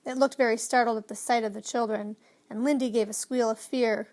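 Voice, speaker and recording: High-voiced woman narrating a storybook. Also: steady tone, brisk, a little mellow. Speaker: audiobook narrator.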